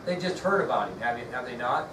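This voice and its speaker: Folksy teacher in an echoey classroom. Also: male voice, mid-range voice, lively intonation, fast talker, a bit bright. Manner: folksy, blunt, quizzes the class. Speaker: history teacher. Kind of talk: classroom lecture. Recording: echoey classroom from far off with noise.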